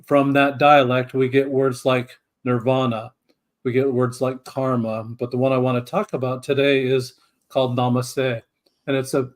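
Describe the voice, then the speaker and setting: A male guest on a podcast, explaining his ideas calmly and steadily. His voice is of middle pitch. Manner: calm, explanatory. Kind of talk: interview answers.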